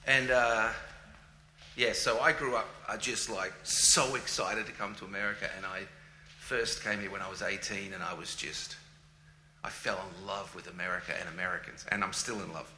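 A man's voice: fairly low pitch, fairly even intonation, moderate pace, bright, forceful tone. A man in his forties with an Australian accent, chatting as a guest in a casual, joking, self-deprecating way. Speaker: guest musician. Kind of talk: casual conversation. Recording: echoey room with faint ambient hum.

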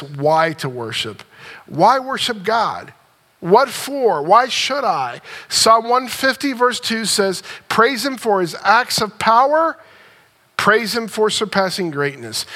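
A man's voice: high voice, sharp tone. A man preaching a sermon as pastor, earnest and repeating phrases for emphasis as he leads the congregation.

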